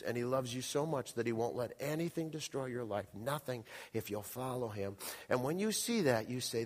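A male pastor delivers an impassioned sermon, throwing questions out to the congregation. His voice rings through a church hall with a long reverb tail. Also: on the high side. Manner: impassioned preaching, calls out to the congregation.

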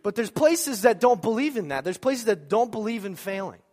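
A male pastor delivers a sermon in a lively storytelling manner. He jokes with the congregation and slips into voices to act out the scenes. His slightly high voice rings through a church with a long reverb. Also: moderate pace. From American Midwest. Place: church sanctuary.

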